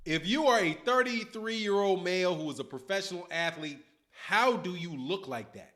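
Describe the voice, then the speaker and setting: High-voiced fifty-something man, slangy chatter. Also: normal speed. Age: 50s. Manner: slangy, animated, reads and answers chat. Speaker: boxing channel host. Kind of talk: casual livestream commentary.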